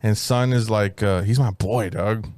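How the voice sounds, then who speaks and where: Brief: casual male co-host, profane and animated storyteller, ordinary pitch, dry close sound. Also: measured pace, no room sound. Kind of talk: casual chat.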